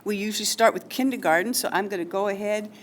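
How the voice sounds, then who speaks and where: A woman's voice: medium pitch, fast, a little hiss or hum. A woman running a school award ceremony, chatty and informal, reading teacher nominations aloud. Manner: chatty, informal asides with fillers. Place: school hall or classroom.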